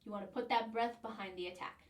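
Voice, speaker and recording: A woman's voice: fairly high pitch, fairly even intonation, quick pace, recorded from a distance. A woman teaching the trombone, walking through the steps of a practice excerpt and now and then singing the rhythms on single syllables. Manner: explains step by step, sings rhythms on syllables. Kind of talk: instructional demonstration. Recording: echoey room, a bit off mic.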